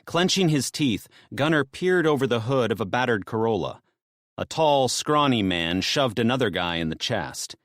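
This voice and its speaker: A man narrating an audiobook with tense storytelling, dropping low and soft in grim moments. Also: expressive, normal speed, no echo, clean studio sound.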